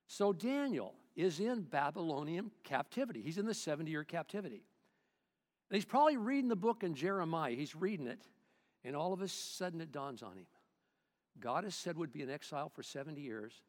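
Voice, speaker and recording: A male pastor preaching a sermon in church, swinging between loud bursts and hushed asides, calling on the congregation to respond. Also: a little high, big pitch swings, moderate pace, big-room sound.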